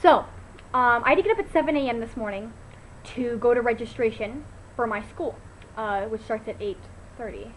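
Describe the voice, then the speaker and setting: A teenage girl vlogging at home into her laptop, telling a story in an animated, chatty way full of "like" and fillers. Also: on the high side, normal speed, a little hiss or hum, low-quality recording. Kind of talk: casual chat to camera. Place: at home, indoors.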